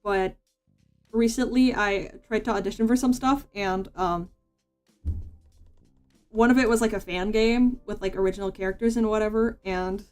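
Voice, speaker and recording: A woman's voice: medium pitch, steady tone, moderate pace, pauses often, a little mellow, clear, resonant tone, soft background music. Rambling woman streamer chatting while drawing. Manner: rambling, full of "like" and restarts. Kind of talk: casual chat while drawing.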